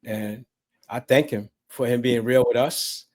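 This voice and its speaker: A man closing a religious talk show with a prayer, speaking in a rhythmic, preacherly way. His voice has medium pitch. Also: steady tone, a little slow.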